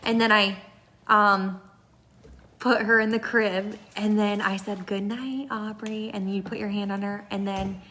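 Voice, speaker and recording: A woman's voice: mid-range voice, flat delivery, measured pace, bright, forceful tone, a little hiss or hum. A young woman chatting casually in a vlog, rambling with many restarts and fillers as she talks about her baby's bedtime. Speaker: mom vlogger.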